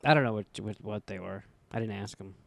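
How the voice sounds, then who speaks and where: A man's voice: on the low side, fast talker, vocal fry, no echo. A man co-hosting a podcast in casual chat, throwing in short, dry, teasing remarks. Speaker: podcast co-host.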